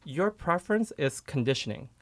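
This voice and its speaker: A man's voice: a little high, very animated, moderate pace, a bit bright. A man from Oklahoma with a slight Oklahoma accent, hosting a podcast discussion and making his points emphatically, piece by piece. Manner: emphatic, explains points in lists. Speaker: host.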